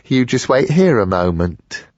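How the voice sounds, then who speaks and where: A man's voice: mid-range voice, sing-song, a little slow, a little mellow, no room sound, muffled recording, voice pushed up. A man voicing a greedy, sly older antique dealer who wheedles and mutters sourly. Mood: wheedling.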